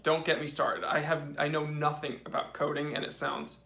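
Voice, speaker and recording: A man's voice: a little high, monotone, normal speed, gravelly, bright, forceful tone, reverberant. An American man hosting a live Q&A stream, casual and joking as he reads viewer comments aloud. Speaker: host.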